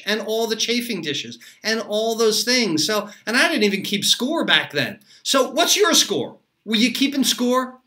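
Middle-aged male chef, high bright voice, chatty upbeat teacher who laughs a lot. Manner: upbeat and chatty, laughs often, many fillers. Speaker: chef and cooking instructor. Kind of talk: casual cooking lesson to camera.

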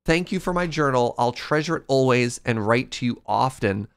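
A man's voice: medium pitch, animated, moderate pace, clean tone, close to an everyday voice. A man voicing a tired, wistful middle-aged widowed fisherman father in a game. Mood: grieving.

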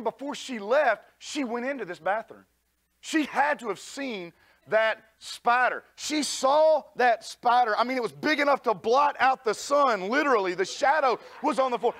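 Man, high-pitched voice, animated preacher, comic storytelling sermon. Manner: animated, folksy storyteller addressing the congregation. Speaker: pastor. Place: church sanctuary.

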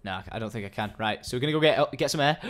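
Excitable young man gaming. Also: medium pitch, racing. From England. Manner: excitable, rambling, jokey with sudden yelps. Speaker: gaming video host. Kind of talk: casual gaming commentary.

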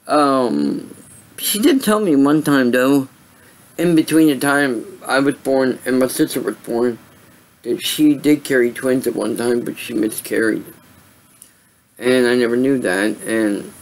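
A man vlogging in a tired, rambling way, stopping and restarting his sentences often. His voice sits at an ordinary middle pitch and he talks like he is chatting at home. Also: poor audio. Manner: rambling, many fillers and restarts. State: tired, yawning. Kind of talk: casual storytelling monologue.

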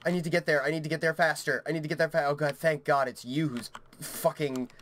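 A man's voice: fairly high pitch, steady tone, quick pace, fairly bright tone. A man commentating a horror game into a headset mic, frantic and yelping, swearing constantly. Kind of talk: panicked horror-game let's play commentary.

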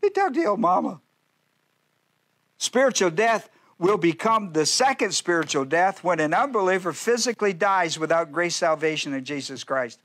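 A male pastor preaching a sermon in a folksy, joking way, full of quick asides and playful jabs at his listeners. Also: sits high, lively intonation, fairly bright tone.

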